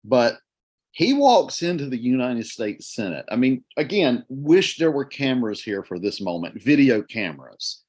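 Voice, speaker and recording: A man's voice: medium pitch, moderate pace. A man co-hosting a history podcast, telling the story casually and laughing along. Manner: animated, laughs while telling. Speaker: podcast co-host.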